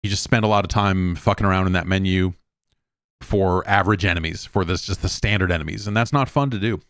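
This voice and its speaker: A middle-aged man talks through his views on an old game in a loose, rambling way, circling back and restarting his sentences. His voice sits on the low side. The sound is dry and close, with no room around it. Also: quick pace, a bit bright, no room sound. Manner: rambling, conversational, lots of restarts and asides. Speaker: show host. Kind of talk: casual solo game review talk.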